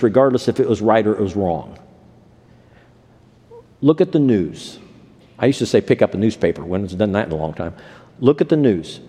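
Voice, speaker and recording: A man's voice: mid-range voice, mellow. A man preaching a sermon in a storytelling way, slipping into the voices of the people in his anecdotes. His words ring out with a long reverb from a large hall. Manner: storytelling, acts out quoted voices. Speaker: pastor.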